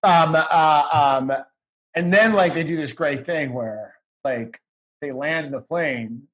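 A man's voice: on the high side, takes it slowly, fairly bright tone. A man as a podcast guest, chatting casually in a rambling, enthusiastic way and swearing now and then.

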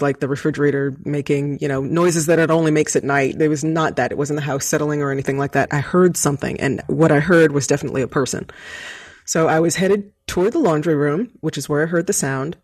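A middle-aged woman with a low, husky voice chats casually as a co-host. She tells stories in an animated way and laughs often. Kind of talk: casual chat, storytelling.

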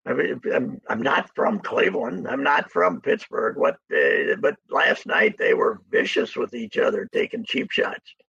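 A man's voice: a little high, lively intonation, measured pace, creaky, a bit bright, husky, dry recording. A man chatting casually about sports as a guest, rambling and chuckling through stories. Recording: muffled lo-fi line.

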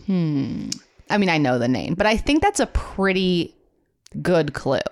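A young woman co-hosts a casual podcast and keeps the conversation moving. Her voice sits on the low side, yet it swings widely in pitch and sounds very animated. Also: measured pace. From has kids. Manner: lively, drives the conversation along. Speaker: podcast co-host. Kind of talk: casual chat.

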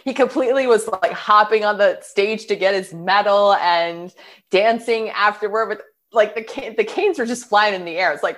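A woman's voice: medium pitch, normal speed, a bit bright. Opinionated woman in casual sports chat. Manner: eager, opinionated sports talk.

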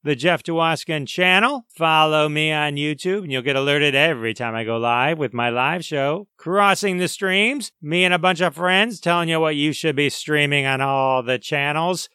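Upbeat jokey guy hosting his podcast, clean smooth voice, real dry close sound. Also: a little high, moderate pace, few pauses, bright, forceful tone, no echo. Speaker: podcast host. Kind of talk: scripted podcast intro.

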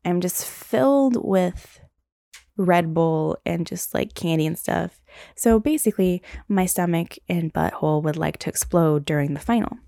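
A woman's voice: lowish voice, expressive, a little slow, gravelly, mellow, no room sound, studio quality. A young woman hosting a solo podcast, telling stories casually with lots of "like" and "um". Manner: casual, rambling, frequent "like" and "um". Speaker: podcast host.

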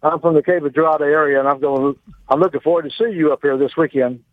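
A man's voice: fairly high pitch, steady tone, fast talker, no room sound. Guy calling into radio, tinny phone line, kinda hesitant. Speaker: caller. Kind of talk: phone-in call.

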